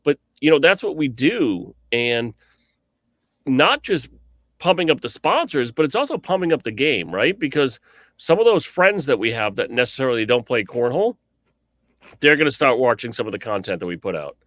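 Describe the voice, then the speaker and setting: A man co-hosting a casual cornhole podcast, telling lively stories with lots of fillers and restarts. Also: medium pitch, normal speed, dry recording. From New England, US. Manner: animated storyteller with frequent fillers and restarts. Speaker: cornhole podcast co-host and commentator.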